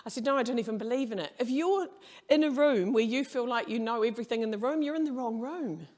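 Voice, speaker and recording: A middle-aged woman, giving a conference presentation in an animated, frank storytelling manner with quoted dialogue. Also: a little high, fast talker. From New Zealand. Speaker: keynote speaker.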